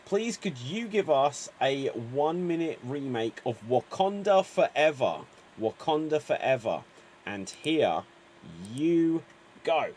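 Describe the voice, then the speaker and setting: A man's voice: a little high, very animated, takes it slowly, darkish tone, a little hiss or hum. A man hosting an improv game, upbeat and encouraging as he announces players. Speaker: improv show host.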